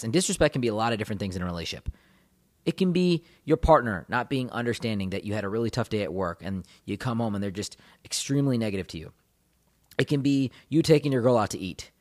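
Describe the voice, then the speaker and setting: Male relationship coach, quick emphatic delivery, talks straight to viewers, repeats key points for weight. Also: medium pitch. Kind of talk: motivational advice talk to camera.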